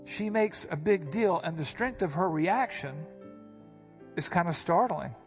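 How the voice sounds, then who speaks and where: Soft music plays behind a pastor whose high-pitched, animated voice moves a little slowly. He explains a passage in an emphatic, teacherly sermon, punching key words and stressing quotes with sudden rises.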